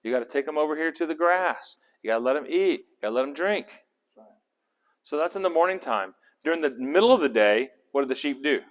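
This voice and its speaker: A man's voice: a little high, fairly quick. A man leading a casual Bible study, talking through the passage and asking his group questions. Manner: animated, acts out characters' lines; conversational, asks the group questions.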